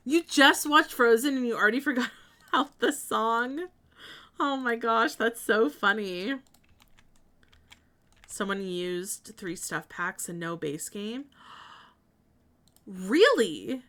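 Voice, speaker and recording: A woman's voice: fairly high pitch, expressive, takes it slowly, long pauses, sharp tone. A woman streamer chatting casually while building in a game, thinking aloud and answering her chat.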